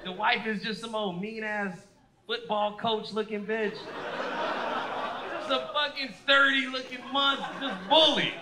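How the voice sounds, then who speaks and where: A man in his thirties doing an animated, profane stand-up set on a club stage, acting out other people's voices as he goes. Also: sits high, a little slow, a crowd in the background. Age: 30s. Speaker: stand-up comedian. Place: comedy club stage with a laughing audience. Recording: live club recording with audible room noise.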